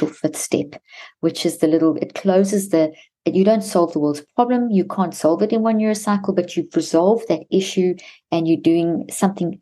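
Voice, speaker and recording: A woman with a fairly low, mellow voice, guesting on a podcast interview. She explains in an earnest, instructive way, laying out each step with everyday examples. Her tone stays soft and warm rather than bright. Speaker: podcast guest, mental health expert.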